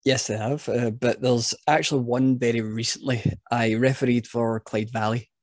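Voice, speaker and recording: A man's voice: mid-range voice, moderate pace, no echo, studio quality. A man, a wrestling referee guest, telling stories in a casual chat and laughing at himself. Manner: animated storyteller, laughs at himself.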